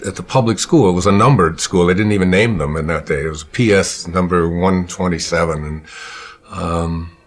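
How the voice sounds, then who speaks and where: A man from Michigan recalls his early years in a calm, reflective manner. His voice sits low and carries a husky edge, and he takes his time, often pausing before he finds the right words. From Michigan, USA. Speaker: speaker recalling his childhood. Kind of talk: personal storytelling.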